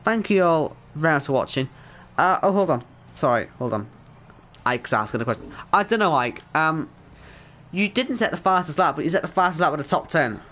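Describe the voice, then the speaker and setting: A man, hoarse and worn out, casually wrapping up an esports race stream and chatting with viewers. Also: a little high, expressive, a little fast, bright, forceful tone. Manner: chatty, reads chat aloud, self-deprecating. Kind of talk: casual stream sign-off commentary.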